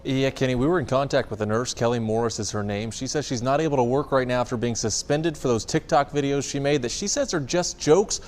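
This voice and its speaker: A man reporting a local TV news story in a measured, formal way. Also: medium pitch, a little mellow, a little hiss or hum.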